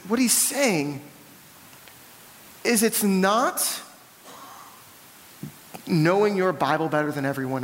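A man's voice: high voice, fairly bright tone, big-room sound. A young man from the South, preaching a sermon in a church and telling candid, self-deprecating stories. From American South. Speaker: pastor. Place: church hall.

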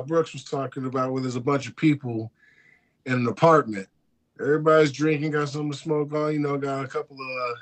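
A man co-hosting a podcast, telling a card-game story in casual, profane chat and laughing as he goes. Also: mid-range voice. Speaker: podcast co-host.

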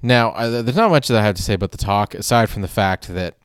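A man's voice: on the low side, fast talker, clean tone, dry recording, studio quality. A man hosting a solo podcast, talking casually in a rambling, wry, self-deprecating way, with frequent restarts and casual swearing. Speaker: podcast host.

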